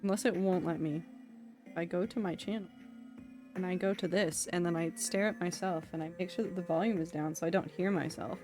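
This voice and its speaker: A woman's voice: fairly low pitch, steady tone, a little fast, darkish tone, soft background music. Rambling playful woman streamer. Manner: rambling, playful, self-mocking. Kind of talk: casual chat while gaming.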